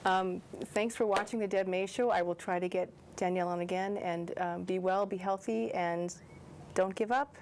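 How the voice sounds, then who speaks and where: A woman hosting a talk show, soft-spoken and hesitant, often repeating words as she asks questions. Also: mid-range voice, steady tone, normal speed, slight background noise. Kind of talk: interview conversation.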